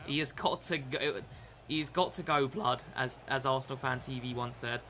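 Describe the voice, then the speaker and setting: Excitable British young man, bright voice. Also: medium pitch, normal speed. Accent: British English. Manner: excitable, swearing, self-mocking. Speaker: streamer. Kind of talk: gaming live stream commentary.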